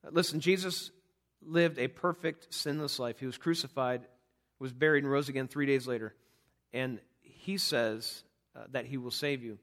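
A man's voice: mid-range voice, moderate pace, a bit bright. A man preaching a Sunday evening sermon as pastor, pleading with listeners and often repeating words as he stresses a point. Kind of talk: sermon with altar call.

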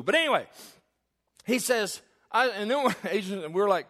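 A man preaching a sermon, telling a lively hunting story and acting out the voices of the people in it. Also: sits high, brisk. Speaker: pastor.

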